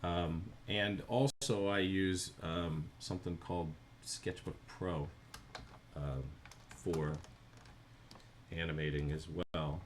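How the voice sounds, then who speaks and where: A man's voice: sits low, fairly even intonation, takes it slowly, slight background noise. A man with a New Jersey accent, chatting casually on a live stream while he animates, thinking aloud and answering viewers.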